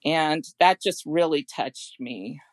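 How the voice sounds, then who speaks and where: A middle-aged woman, a home care consultant, telling personal stories in a podcast interview in an earnest, gentle way. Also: sits low, takes it slowly, no echo. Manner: earnest and gentle, with frequent restarts.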